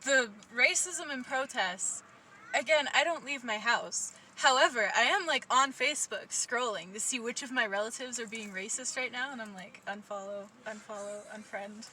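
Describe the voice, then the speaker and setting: A woman's voice: fairly high pitch, moderate pace, bright, forceful tone, distant mic, slight background noise, poor audio. A twenty-year-old woman guesting on a casual podcast, talking frankly, swearing and laughing easily.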